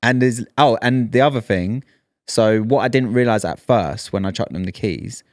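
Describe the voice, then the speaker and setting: Man in his thirties, deeper voice, dry close sound, animated storyteller, podcast co-host. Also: normal speed, dry recording. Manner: animated storyteller, acts out quoted lines. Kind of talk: casual storytelling chat.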